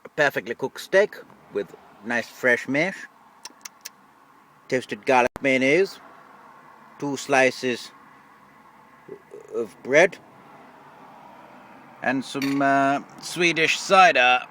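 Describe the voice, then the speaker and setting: A man's voice: mid-range voice, drawn-out words, long pauses, bright, forceful tone, recorded from a distance, a little hiss or hum. A man, a lorry driver chatting wryly through a casual cooking vlog from his cab. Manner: chatty, self-deprecating, wry.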